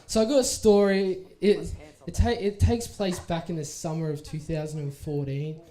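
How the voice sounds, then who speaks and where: A young Australian man giving a casual talk to a youth group, telling a story in a lively, playful way and acting out the people in it. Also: a little high, normal speed. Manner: animated, playful, acts out the people in his story. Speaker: youth speaker.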